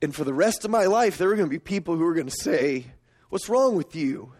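A middle-aged man preaching a sermon, emphatic and storytelling, swinging up to excited peaks. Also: quick pace. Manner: storytelling, emphatic, rising to high excited pitch. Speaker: pastor.

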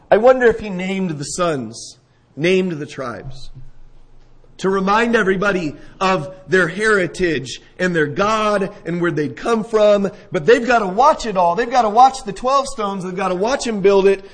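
This high-pitched pastor's sermon is captured on a low-quality recording. He narrates a scripture story vividly, acting out the scenes and questioning his listeners as he goes.

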